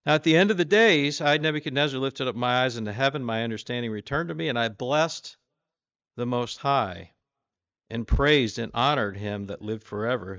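A man's voice: no room sound, muffled recording. A man giving an informal sermon, reading scripture and asking his listeners questions in a conversational way. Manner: voices the king boastfully, louder and higher. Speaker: preacher.

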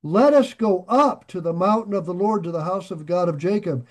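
An older male pastor preaching in a high, lively voice. He talks folksy and plain, dropping jokes between scripture readings and swelling suddenly louder on key points. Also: moderate pace. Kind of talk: sermon.

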